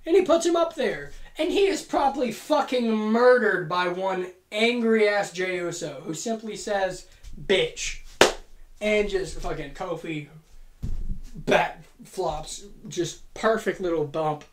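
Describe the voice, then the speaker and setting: A woman hosting a podcast tells a story from home in a casual, profane and playful way. Her pitch rises and falls a great deal, but she keeps an unhurried pace. The room gives her voice a noticeable echo. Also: expressive, a little hiss or hum. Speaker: podcast host. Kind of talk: casual fantasy-booking monologue.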